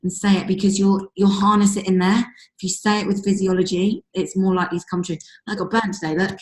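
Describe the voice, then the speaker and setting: A woman's voice: mid-range voice, fairly even intonation, fairly quick, a little mellow. A woman with a strained voice leading a group video call, giving a rambling, gushing motivational pep talk. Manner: gushing, rambling, lots of likes and ums. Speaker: team leader hosting a group call. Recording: roomy echo on a call.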